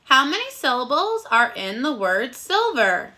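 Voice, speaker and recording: A woman teaching a recorded phonics lesson to young children, encouraging them and sounding out words slowly and clearly. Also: sits high, sing-song, bright, forceful tone. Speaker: first grade teacher.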